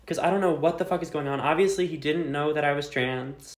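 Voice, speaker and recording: A woman's voice: low voice, brisk. Young woman, casual storytime, filler-heavy chatter, swears a lot, echoey room. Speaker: vlogger. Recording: roomy echo.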